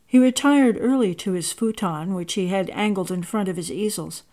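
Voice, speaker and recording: A woman narrating a story with a measured, expressive delivery. Her voice is mellow and warm, pitched in a middle range.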